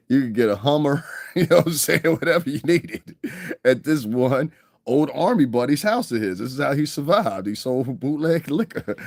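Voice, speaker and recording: A man's voice: medium pitch, dry recording, studio quality. A man ranting on a casual livestream, profane and rambling, constantly asking if you understand and laughing at his own stories. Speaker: livestream commentator.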